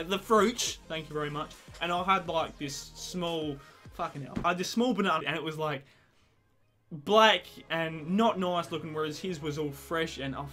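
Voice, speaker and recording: A man's voice: on the high side, pushed and bright. A young man telling rambling, sweary, self-mocking stories to camera in a casual vlog. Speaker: vlogger. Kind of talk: casual confessional storytelling.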